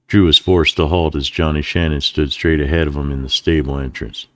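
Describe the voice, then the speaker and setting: Male narrator, western audiobook reader, very deep voice, dry close sound, steady and deliberate. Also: dry recording.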